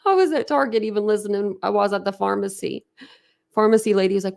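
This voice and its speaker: Gravelly-voiced woman chatting on a livestream. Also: medium pitch, expressive, a little fast, darkish tone. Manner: chatty and emotional, laughs often, trails off and restarts. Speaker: host of a true crime channel. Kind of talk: casual livestream chat, reacting to viewer comments.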